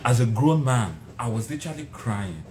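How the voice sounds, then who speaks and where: A man's voice: mid-range voice, moderate pace. A middle-aged man with a Nigerian accent, telling his life story emphatically as a motivational speaker. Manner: emphatic, animated, dramatic repetitions. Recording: roomy with faint noise.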